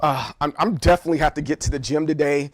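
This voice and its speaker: A man's voice: on the high side, steady tone, fast talker. A man streaming live in casual chat, rambling and joking, often repeating words. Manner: joking, playful.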